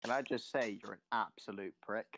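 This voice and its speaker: A woman's voice: very deep voice, brisk, fairly bright tone, a little hiss or hum. A woman in game voice chat, blunt and crude, teasing the other players and swearing freely. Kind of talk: casual voice chat during an online game.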